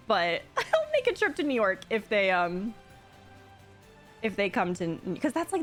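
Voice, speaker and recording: A young woman from Florida, a streamer, chatting with live viewers in a bubbly, gushing way with excited gasps. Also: a little high. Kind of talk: casual chat with live viewers. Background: faint game music.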